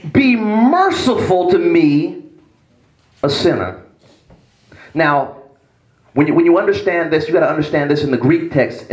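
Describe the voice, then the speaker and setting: A male pastor preaches in a high, animated voice, swinging between a low hush and raised emphasis. His sermon rings through an echoey church sanctuary.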